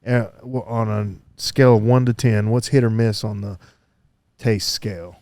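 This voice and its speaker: A man co-hosting a combat sports podcast, riffing and joking in relaxed chat, recorded on the mats of a martial arts gym. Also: on the low side, moderate pace, no echo. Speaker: podcast co-host. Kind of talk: casual chat.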